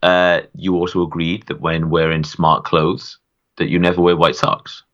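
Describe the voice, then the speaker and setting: A man with a deep voice and a bright, pushy edge banters on a podcast. He jumps in to tease his partner and set the record straight. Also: flat delivery, lo-fi sound. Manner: bantering, quick to tease and push back. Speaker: podcast co-host. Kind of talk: casual podcast chat.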